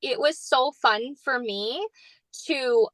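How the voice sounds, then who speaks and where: A woman's voice: sits high, takes it slowly, fairly bright tone, no room sound, low-quality recording. A woman author chatting on a podcast, talking in an earnest, reflective, spiritual way. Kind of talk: casual podcast chat.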